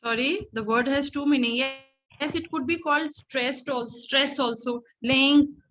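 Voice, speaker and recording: A woman's voice: high-pitched, unhurried, fairly bright tone, rough recording. A woman teacher with an Indian English accent, leading an online English class and encouraging her students, sometimes switching into Hindi. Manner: encouraging, mixes in Hindi phrases.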